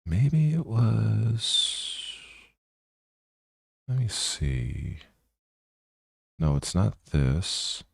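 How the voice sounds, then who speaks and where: A man's voice: fairly low pitch, very animated, very slow, vocal fry, pauses often, slightly rough, no echo, studio quality. A male channel host mumbling aloud as he searches through old videos. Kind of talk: casual vlog commentary.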